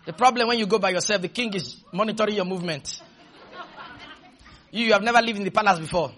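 High-voiced shouting male preacher. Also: quick pace, a faint crowd, slight background noise. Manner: emphatic, with sudden shouted bursts and call-and-response; playful storytelling asides. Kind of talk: sermon.

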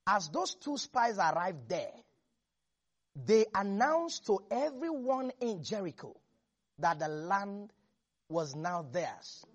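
A woman preacher giving a lively, animated sermon, teasing the congregation and laughing often. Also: medium pitch, slow, dull audio.

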